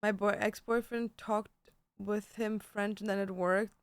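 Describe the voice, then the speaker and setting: A woman's voice: medium pitch, flat delivery, unhurried, clear, resonant tone, no echo. A young woman chatting casually on a livestream, peppering her talk with "like" and swearing. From Germany. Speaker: streamer. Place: home.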